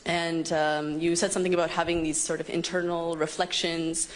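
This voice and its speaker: A young woman stands in a crowd and asks a question over a handheld mic. Her voice sits fairly low for a woman, and she speaks haltingly, filling the gaps with ums and uhs because she is nervous. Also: little pitch movement. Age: young adult. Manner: nervous, hesitant, many ums. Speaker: audience member asking a question. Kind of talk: question from the floor. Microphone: handheld microphone.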